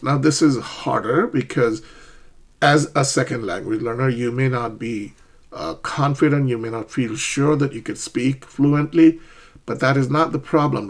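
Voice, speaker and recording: Husky-voiced man teaching English. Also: mid-range voice. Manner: explanatory, frequent "okay?" and "right?" check-ins. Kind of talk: online English lesson.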